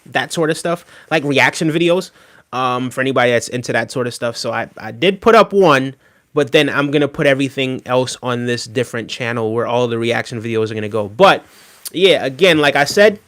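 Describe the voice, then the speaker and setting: A man's voice: medium pitch, fairly bright tone. A man hosting a live stream, chatting casually with viewers, reading their comments and ranting heatedly with lots of fillers. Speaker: livestream host.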